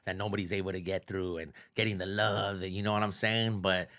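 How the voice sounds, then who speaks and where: A man's voice: sits low, little pitch movement, fairly quick, a bit bright. A middle-aged man, a radio personality, telling stories as a guest in a casual interview, swearing freely and repeating himself for emphasis. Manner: profane and emphatic, with heavy repetition.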